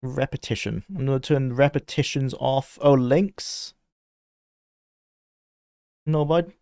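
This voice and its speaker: A man's voice: medium pitch, takes it slowly, creaky, warm tone, no echo, studio quality. A young man chatting casually on a game stream, laughing often and talking to his chat.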